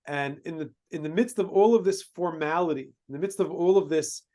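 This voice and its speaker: A man, a rabbi, telling a story in a sermon, halting with many restarts and using Hebrew and Yiddish terms. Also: fairly high pitch, mellow. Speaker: rabbi giving a talk.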